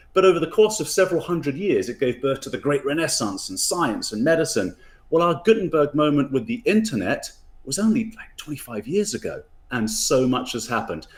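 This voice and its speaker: A middle-aged man with a British accent talks casually as co-host of a tech podcast. He tells his stories in a chatty, animated way, with a mid-range voice. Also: medium pitch. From Britain. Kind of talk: casual chat.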